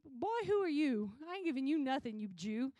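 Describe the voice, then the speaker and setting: A defiant woman at a well brushes off a stranger in a blunt, dismissive tone, as a woman preacher puts her on. The voice is high. The recording is close and dry. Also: sing-song, moderate pace, mellow, dry recording.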